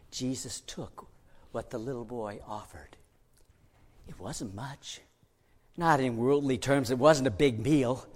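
A man preaching, telling a story in an animated, dramatic way. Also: mid-range voice. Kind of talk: sermon storytelling. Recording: long hall reverb.

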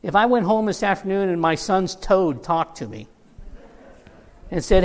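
Pastor preaching in a reverberant hall. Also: male voice, high-pitched, moderate pace. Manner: storytelling with humor, quoting characters in lively voices. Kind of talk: sermon.

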